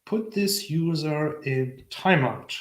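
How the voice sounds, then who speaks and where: A man's voice: on the high side, animated, slow, a little hiss or hum. A man hosting a live-stream interview, playful and self-deprecating as he asks his guest questions. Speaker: host. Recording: echoey room.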